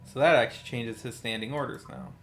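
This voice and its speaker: A man streaming a strategy game, thinking aloud in a tired, low-key way with wry asides. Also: fairly even intonation, fairly quick, creaky, over music. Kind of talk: casual live-stream commentary.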